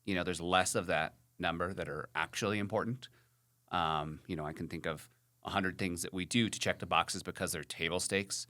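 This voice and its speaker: A man's voice: deep voice, fairly even intonation, moderate pace, bright, forceful tone. A man hosting a podcast in casual chat, frank and rambling, full of "like" and "you know".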